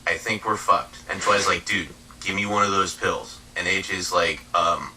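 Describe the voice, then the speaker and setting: Male comic narrator, low-ish and deadpan, bright hard-edged tone, recorded from a bit off the mic. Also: moderate pace, far from the mic, a little hiss or hum, poor audio. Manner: deadpan stoner slang, swearing, flat bro delivery for every character. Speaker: parody recap narrator. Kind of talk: comedic recap narration with voices.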